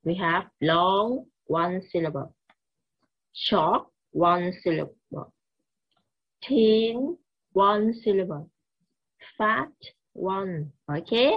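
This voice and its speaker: Vietnamese-accented lady teacher going over grammar, super slow, muffled recording. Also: fairly low pitch, expressive, breathy edge. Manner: slow, repetitive, mixes languages. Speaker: English teacher. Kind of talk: classroom grammar lesson.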